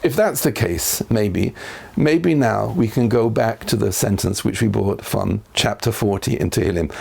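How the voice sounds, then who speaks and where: A man's voice: gravelly, a little mellow. A man, a rabbi, giving a Torah class in an earnest lecturing manner, his voice rising when he quotes verses. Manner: earnest, rises in pitch when quoting verses.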